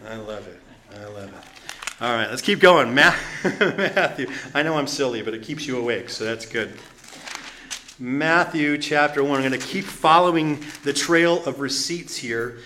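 A man's voice: medium pitch, sharp tone, a little hiss or hum. A man preaching a sermon, joking with his listeners and reading scripture aloud with rising intensity. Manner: playful, laughing asides, reads scripture with rising intensity. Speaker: pastor. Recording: roomy echo.

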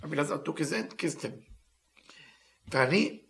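Guy teaching live, reads a line then translates it in broken english, quick and bright, kinda high voice. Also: lively intonation, vocal fry. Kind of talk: live text lesson, reading and translating.

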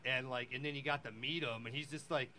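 A man co-hosting a podcast in casual chat. He talks loudly and rambles, with many fillers and restarts. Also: mid-range voice, fairly even intonation, quick pace, slight background noise. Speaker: podcast co-host.

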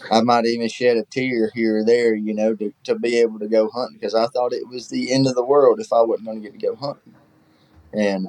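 A man's voice: lowish voice, a little mellow, no echo, low-quality recording. A man, a guest telling rambling, folksy stories in casual chat, full of fillers. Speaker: guest, hunting show host.

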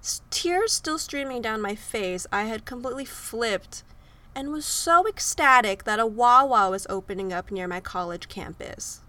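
Bright-voiced emotional young woman. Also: a little high, lively intonation, moderate pace. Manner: emotional, tearful, laughs at herself. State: sniffly from crying. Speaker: podcast host. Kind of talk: personal confessional monologue. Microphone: close microphone.

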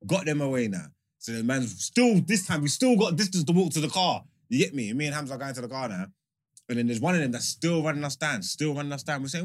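Man, rapid casual storytelling, animated, podcast co-host. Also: on the high side. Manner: animated, repeats "you know what I'm saying".

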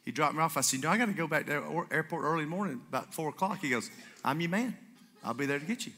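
A man preaching a sermon, acting out the voices in his stories with lively energy. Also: on the high side, rapid-fire. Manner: animated storyteller acting out dialogue. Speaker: pastor. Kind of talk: sermon with storytelling. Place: church sanctuary with congregation. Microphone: stage microphone. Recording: reverberant church hall.

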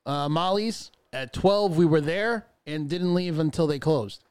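A man's voice: fairly high pitch, a little slow, clean tone, dry recording, clean studio sound. A man co-hosting a podcast, teasing his friends in casual, profane banter. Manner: teasing, profane, says bro a lot. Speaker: podcast co-host.

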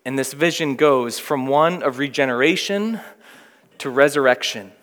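A man's voice: medium pitch, moderate pace, fairly bright tone. A man preaching a sermon, reading scripture aloud and then explaining it with rising emphasis. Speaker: pastor. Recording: long reverb of a hall.

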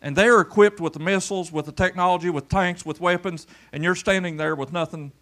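A male Kentucky preacher keeps a steady tone and a brisk pace through a folksy church sermon. He brings people forward to demonstrate, alternating between loud exhortations and quiet murmurs.

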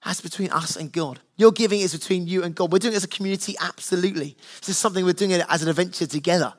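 A male pastor with a fairly high voice delivers a sermon in an earnest, conversational way. He talks to his congregation like he's chatting across a kitchen table. His stories come from his home life with his kids. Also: racing, hardly any pauses. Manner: earnest, conversational preaching with family anecdotes.

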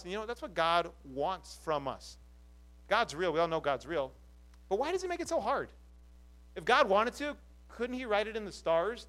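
A man with a high-pitched voice delivers a sermon from the pulpit of a church. As the pastor, he talks earnestly and leans on rhetorical questions to draw his congregation in. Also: fairly bright tone.

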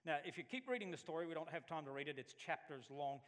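A pastor from Alabama preaches a sermon in a large hall, talking fast in a fairly high voice. He tells stories with animated flair, acting out the voices.

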